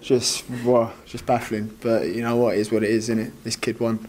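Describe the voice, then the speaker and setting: Jeune boxeur britannique décontracté. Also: male voice, medium pitch, little pitch movement, normal speed, darkish tone. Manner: casual, laughs often, dismissive. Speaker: boxer. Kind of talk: post-fight interview.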